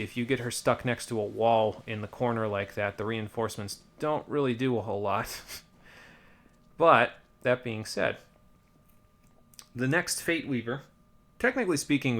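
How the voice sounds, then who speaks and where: A man's voice: medium pitch, a bit bright. A man giving casual, rambling commentary while playing a video game, with wry muttered asides. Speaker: let's play streamer.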